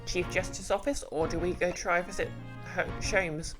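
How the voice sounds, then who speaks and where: A woman's voice: on the low side, fairly even intonation, normal speed, poor audio. A woman streaming a game, chatting casually in a joking, self-deprecating way. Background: game music.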